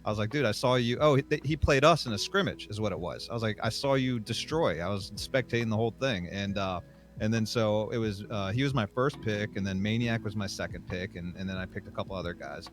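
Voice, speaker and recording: A man's voice: lowish voice, fairly quick. A man talking casually on a podcast, reflective and rambling with many fillers.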